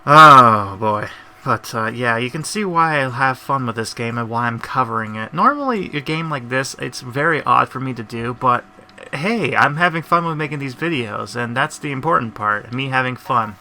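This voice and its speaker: A man's voice: medium pitch, expressive, moderate pace, pushed and bright, slight background noise. A man hosting a casual let's-play, rambling and making sarcastic asides at the game's story. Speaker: gaming channel host.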